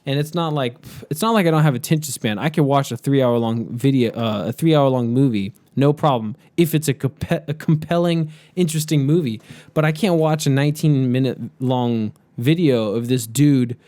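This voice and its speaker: A man in his thirties co-hosting a casual podcast chat, blunt and quick to swear. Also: mid-range voice, dark tone, no echo. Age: 30s. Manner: blunt, swears freely, mocks slow talkers. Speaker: podcast co-host.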